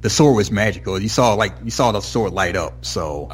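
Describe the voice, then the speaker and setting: A man's voice: lowish voice, normal speed, faint music behind. A man casually recapping a TV episode with a co-host, acting out characters' lines as he goes. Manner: animated, acts out characters' lines mid-story. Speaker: podcast co-host.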